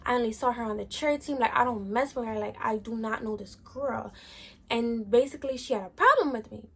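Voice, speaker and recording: Young adult woman, high voice, casual slangy storytime vlogger. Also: a little fast, slightly rough. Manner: slangy, chatty, lots of "like" fillers.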